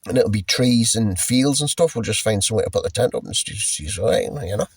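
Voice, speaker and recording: Recalling a journey from his past, a middle-aged storyteller rambles casually, cursing freely and starting his sentences over. His husky voice sits fairly low, moves fairly quickly with lively intonation, and carries no echo.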